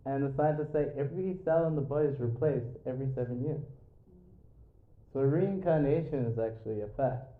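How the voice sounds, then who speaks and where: A man's voice: mid-range voice, brisk. A man giving a jokey, chatty spiritual talk to an audience in a yoga studio, full of fillers. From Australia. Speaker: spiritual speaker. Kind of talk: lecture with audience banter. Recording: echoey room, tinny phone-like sound.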